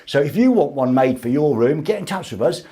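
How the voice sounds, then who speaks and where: A man's voice: fairly high pitch, lively intonation, a little fast, warm tone, slightly rough. A man hosting a casual live show from a small studio, reading out viewer comments with cheeky, rambling jokes. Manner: jokey, rambling, cheeky asides.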